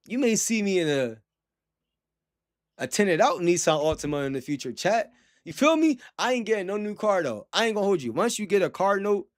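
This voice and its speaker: A young man with a fairly high-pitched voice holds a loose, rambling conversation with his livestream chat. He talks in heavy slang, breaks into laughs often, and jumps from one thought to the next.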